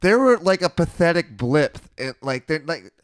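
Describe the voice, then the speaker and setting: An excitable podcast host with a smooth, resonant voice at an ordinary pitch. He swears freely, and the sound is dry and close. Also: moderate pace, dry recording. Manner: excitable, laughs often, swears. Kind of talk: casual crude chat.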